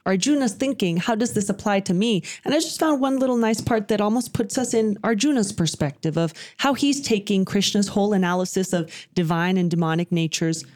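A woman's voice: medium pitch, brisk, few pauses, darkish tone. A woman podcast co-host in a casual discussion, explaining a scriptural passage by reading and paraphrasing it.

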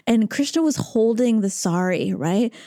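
A woman's voice: on the high side, expressive, measured pace, warm tone, no room sound. Dry-voiced woman telling an emotional story. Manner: emotional storytelling, many fillers. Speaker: podcast co-host. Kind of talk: casual spiritual chat.

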